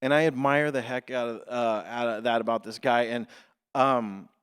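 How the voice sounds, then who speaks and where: Male pastor, casual church intro, halting and full of fillers, resonant voice, long echo from the hall. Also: medium pitch, fairly even intonation, a bit bright, smooth. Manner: halting, filler-heavy, joking. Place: church sanctuary.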